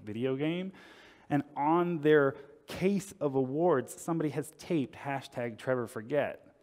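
A man giving a humorous storytelling talk at a conference, casual and wry, acting out quotes as he goes. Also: mid-range voice. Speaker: conference speaker. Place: conference hall. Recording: long reverb in a conference hall.

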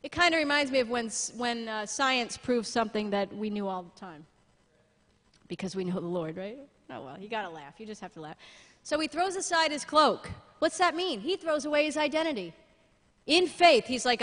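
Lady pastor preaching, bit high voice, jokey asides, church echo all around. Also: brisk. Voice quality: blind, jokes about herself. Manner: lively, humorous preaching with asides to the congregation. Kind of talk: sermon.

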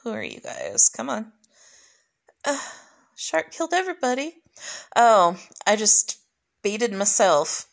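A woman's voice: on the high side, huge pitch swings, takes it slowly, creaky, long pauses. A young woman giving chatty, joking commentary while playing a video game and muttering to herself. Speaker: gamer recording a playthrough. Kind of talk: casual gameplay commentary.

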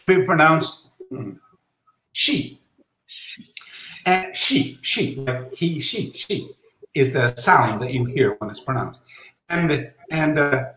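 Animated man telling a story, bright voice. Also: fairly high pitch, echoey room, rough recording. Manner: animated, acts out remembered dialogue; drops Japanese terms into speech. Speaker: karate master. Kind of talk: anecdotal storytelling.

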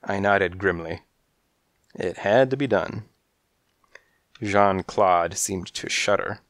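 A man narrating a children's mystery audiobook in the first person, with measured, dry storytelling. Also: low voice, a bit bright, no echo.

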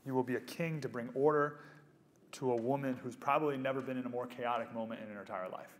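A man in his thirties giving a live motivational speech to an audience. He is animated and jokes with the crowd, then drops to a soft, hushed voice. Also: mid-range voice, fast talker, a little hiss or hum. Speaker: speaker at a pro-life event. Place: event venue with a live audience.

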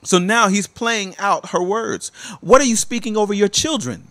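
His voice sits high and fairly bright, moving at a moderate pace with few pauses. He's a life coach preaching motivation, repeating himself emphatically to push his listeners forward.

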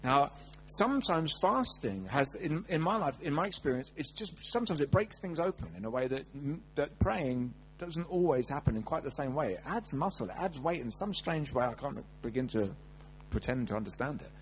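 A man's voice: fairly high pitch, moderate pace, a little hiss or hum, rough recording. A man preaching a sermon, telling personal stories with humor and acting out quotes. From England. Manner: animated, humorous, acts out quotes.

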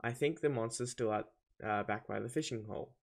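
A man's voice: mid-range voice, fairly quick, creaky. Guy reading as a jittery penguin fisherman. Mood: nervous. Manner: plain read-aloud game dialogue. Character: nervous penguin fisherman hiding from a monster.

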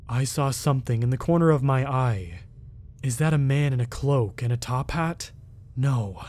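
A man telling a first-person scary story at a middle pitch. He keeps his delivery steady and measured and reads the other characters' lines in much the same voice. The effect is a plain, even storytelling read. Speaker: narrator. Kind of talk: scripted horror story narration.

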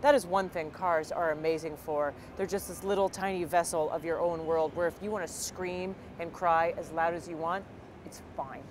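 A woman from Canada telling a personal story with an animated, self-deprecating comic delivery. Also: on the low side, normal speed, a little hiss or hum.

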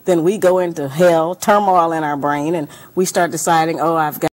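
A woman being interviewed as an author, speaking in an earnest and deliberate way. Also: sits low, fairly even intonation. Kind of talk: televised interview.

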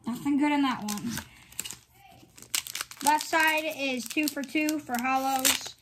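A woman with a high, light voice talks at an unhurried pace through a casual commentary. She reads off names one at a time in short, clipped phrases, like a running checklist. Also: background noise. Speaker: channel host. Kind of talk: casual card-opening commentary.

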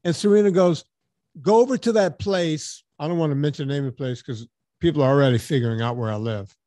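A man's voice: medium pitch, racing, no echo, studio quality. A man hosting a podcast, telling a story in casual chat and acting out the dialogue, with some casual swearing. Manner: animated storyteller, acts out dialogue. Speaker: podcast host.

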